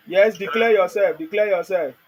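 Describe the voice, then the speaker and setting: A man's voice: high voice, breathy edge, low-quality recording. A man hosting a live audio chat, chanting mocking refrains in a sing-song way and pressing a caller with questions.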